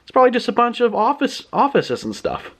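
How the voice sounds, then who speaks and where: A man doing an excitable boy obsessed with comics, who sounds eager and wide-eyed as he exclaims. The voice sits a little higher than the man's own and swings widely in pitch. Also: brisk, heavily acted. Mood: coaxing.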